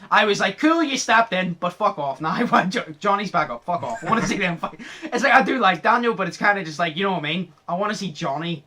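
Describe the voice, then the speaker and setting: Bright, excitable young man. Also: high-pitched, fast, few pauses. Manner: excitable, laughs often, swears freely. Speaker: podcast host. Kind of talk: casual podcast chat.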